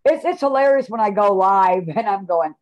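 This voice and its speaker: A woman joining a live stream as a guest, easygoing and quick to laugh. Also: mid-range voice, animated, darkish tone, dull audio. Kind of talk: casual live-stream chat.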